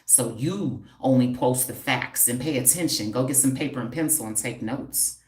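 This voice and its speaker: A woman's voice: a bass voice, normal speed, a little mellow, echoey room. A woman in the style, a holistic hair practitioner hosting a live stream, talking back to viewer comments with sassy, confrontational banter and rhetorical questions. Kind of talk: livestream chat answering viewer comments.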